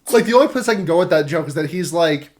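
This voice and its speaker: Woman podcast co-host, low-ish voice, rambling and jokey, casual movie recap. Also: expressive, very fast. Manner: jokey, rambling, laughs often.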